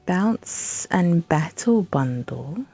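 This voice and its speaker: A woman gives casual gaming commentary, rambling to herself in a slow, unhurried drawl. Her voice is low and gravelly with a mellow tone. She makes laid-back, profane asides. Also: expressive, faint music behind. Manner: rambling, talks to herself while browsing. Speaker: gaming channel host.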